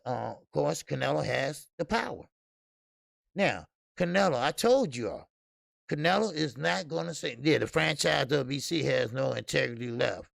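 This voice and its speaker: A man's voice: on the high side, creaky, dry recording, studio quality. A man hosting a casual boxing livestream who talks bluntly and profanely, laughs often and rambles with lots of fillers while reading viewers' chat. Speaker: boxing channel host.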